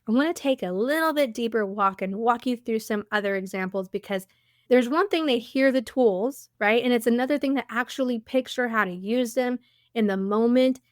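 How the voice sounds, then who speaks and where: A woman's voice: on the high side, no room sound, clean studio sound. A woman hosting a podcast, coaching listeners in an encouraging way and often checking in with them. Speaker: podcast host.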